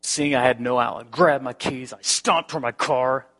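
A male pastor preaching a sermon and telling a personal story in an animated way. His voice is bright and forceful. He often restarts his phrases as he goes. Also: medium pitch, normal speed.

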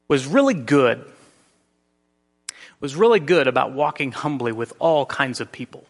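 A man's voice: fairly high pitch, a bit bright. Man preaching in an echoing hall. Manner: storytelling, varied emphasis. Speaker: pastor. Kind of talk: sermon.

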